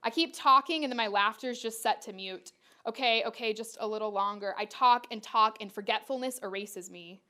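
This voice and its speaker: A woman's voice: a little high, moderate pace, bright, forceful tone. A woman performance artist delivering spoken-word poetry in a rhythmic, incantatory way, repeating her refrains.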